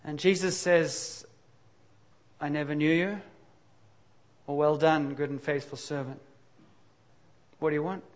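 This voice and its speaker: A middle-aged man delivering a sermon in a frank, confessional tone. His voice sits a little higher than most men's, and he moves between relaxed conversation and sudden emphatic bursts. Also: measured pace, pauses often. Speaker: pastor.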